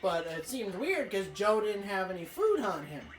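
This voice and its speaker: A woman's voice: mid-range voice, normal speed. Gamer girl rambling a story mid-race, swears a ton, voice swings all over, echoey room w/ faint music. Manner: swears a lot, rambling, excitable outbursts. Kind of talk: casual let's-play storytelling.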